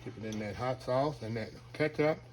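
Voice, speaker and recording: A man's voice: medium pitch, moderate pace, background noise. A man hosting a casual cooking vlog, talking folksy and calling his viewers y'all. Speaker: cooking channel host. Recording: kitchen with sizzling grease behind.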